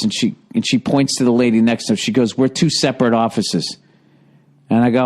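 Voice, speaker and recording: A man's voice: medium pitch, steady tone, normal speed, pauses often, darkish tone. A man with a Boston accent telling a profane, exasperated comedic story as a podcast host, acting out the other people in it. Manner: profane, exasperated, mimics others in quoted dialogue.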